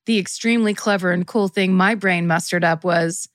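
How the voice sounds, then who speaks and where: A woman's voice: fairly low pitch, normal speed, dry recording. A woman co-hosting a podcast, reading a listener's story aloud in casual chat, breaking into frequent laughter. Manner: laughs often while reading, chatty and playful.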